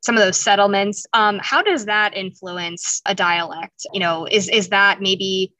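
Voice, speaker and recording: A woman interviewer with a bright, forceful tone asks long, curious questions. She winds into each one with "you know". The recording is dry and close. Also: medium pitch, unhurried, no room sound, low-quality recording. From Wisconsin.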